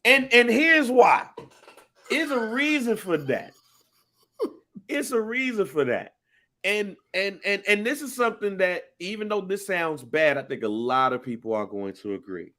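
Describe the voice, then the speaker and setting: A man co-hosting a casual podcast, talking in an animated, emphatic and profane way. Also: high-pitched, a little slow. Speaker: podcast co-host.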